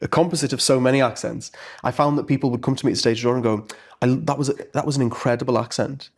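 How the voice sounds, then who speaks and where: Racing along in a mid-range voice with fairly even intonation, a male actor from Merseyside, England, gives earnest, thoughtful answers as a guest in a casual interview. He often restarts what he's saying.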